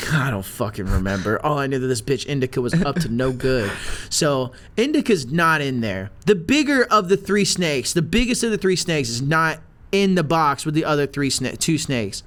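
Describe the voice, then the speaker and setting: Give me a young man with a high, bright voice, telling a story in an animated, casual way. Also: normal speed. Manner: animated, swearing, lots of "like". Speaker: podcast host.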